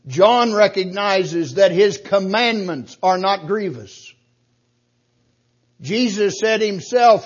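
A man's voice: high-pitched, animated, takes it slowly, husky, dull audio. An older man preaching a sermon, pressing his point with rhetorical questions and punching key words. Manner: emphatic, rhetorical questions, rising to loud stresses.

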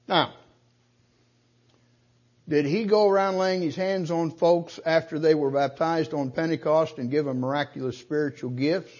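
Man, preacher, high voice, husky, emphatic sermon, dull lo-fi recording. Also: steady tone, darkish tone. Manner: emphatic preaching, slows and rises to quote scripture.

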